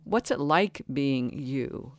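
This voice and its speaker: A person in their sixties giving a reflective spiritual talk, earnest and halting, often restarting and correcting themselves. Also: medium pitch, expressive, no room sound. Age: 60s.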